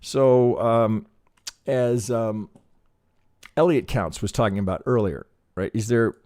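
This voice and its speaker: A man's voice: mid-range voice, slow pace, darkish tone, dry recording, studio quality. A man teaching trading while he works through a chart, rambling and profane, thinking aloud with many restarts. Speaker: trading educator. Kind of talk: live chart analysis lesson.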